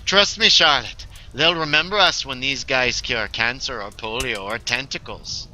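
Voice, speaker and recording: A man's voice: medium pitch, moderate pace, sharp tone, low-quality recording. A man voicing an idealistic former coven witch in a story game. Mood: earnest.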